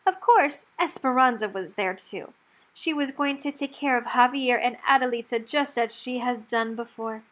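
A woman narrating a children's storybook aloud in a clear, steady storytelling manner. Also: fairly high pitch, normal speed. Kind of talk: children's book read-aloud.

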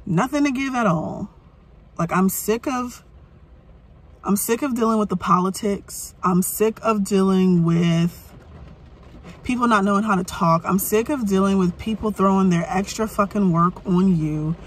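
A burnt-out woman venting in a frustrated, halting rant from inside her parked car, starting over again and again. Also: mid-range voice, breathy edge. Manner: frustrated, halting, many restarts. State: burnt out and weary. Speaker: vlogger. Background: faint rain and vehicle ambience.

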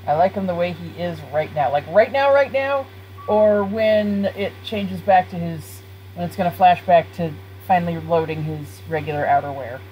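A woman's voice: on the low side, steady tone, normal speed, dark tone, slight background noise, rough recording. A woman live-streaming a life-simulation game, chatting casually with her viewers and laughing often. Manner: giggly, chatty, talks to chat.

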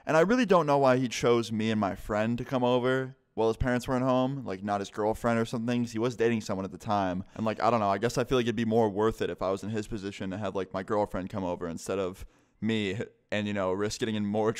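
A young man tells a story to his viewers in a loose, rambling vlog style, dropping swear words as he goes. His voice sits a little low and sounds smooth and clear, and the tone is casual and unpolished. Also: steady tone, fast. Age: young adult. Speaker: vlogger.

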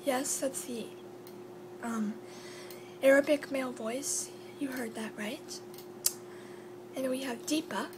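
A woman chats casually as she hosts her video, apologizing often and slipping into a whisper now and then. Her voice sits high. A clear hum runs under the recording. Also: fairly even intonation, measured pace, long pauses. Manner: chatty and apologetic, drops to a whisper at times. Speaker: video host. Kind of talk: casual chat.

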